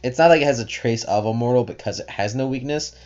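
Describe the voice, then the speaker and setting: A man's voice: medium pitch, fast, darkish tone, muffled recording, soft background music. A man narrating a tabletop game as game master, explaining rules in a rambling way full of fillers.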